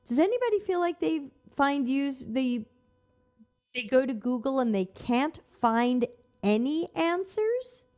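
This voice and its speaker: Woman on a stream, reading stuff out and snarking at it, kinda high voice. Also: sing-song, measured pace, darkish tone. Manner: skeptical, sarcastic, talks back to the text. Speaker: host. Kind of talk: live-stream commentary reading an article aloud.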